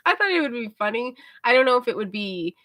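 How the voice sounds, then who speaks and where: A tired young woman hosting a livestream, telling a rambling story in a mellow, casual way, full of fillers and talking to herself. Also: on the high side, very animated, fast talker, no room sound, clean studio sound. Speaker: livestream host.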